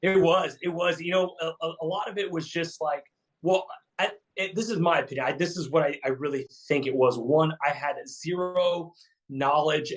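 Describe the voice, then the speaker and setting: A man's voice: a little high, poor audio. A man in his thirties, a fitness coach telling his story as a guest in a casual, chatty way, full of fillers and repeats. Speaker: keto coach, podcast guest.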